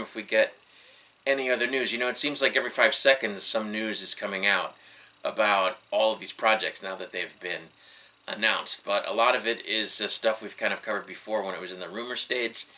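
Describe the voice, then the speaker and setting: A middle-aged man talking on his own about entertainment news in a loose, rambling way. His voice sits on the low side but sounds very bright and forward. His tone is wry and skeptical, and he fills the gaps with plenty of ums and uhs. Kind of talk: casual solo commentary.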